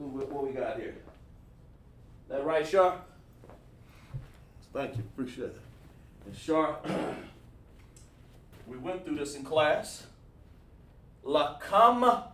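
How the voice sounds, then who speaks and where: A man's voice: medium pitch, takes it slowly, long pauses, distant mic. A man teaching a livestreamed language lesson, easygoing and repetitive, praising students by name as he writes on a board. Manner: relaxed, repetitive, thinks aloud while writing on a board. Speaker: class instructor. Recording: echoey room, speaking away from mic.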